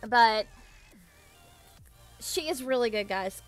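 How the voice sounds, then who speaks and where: A woman's voice: fairly high pitch, animated, slow, faint music behind. A young adult woman chatting casually with viewers on a live stream, bubbly and giggly, thanking them effusively. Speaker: livestreamer.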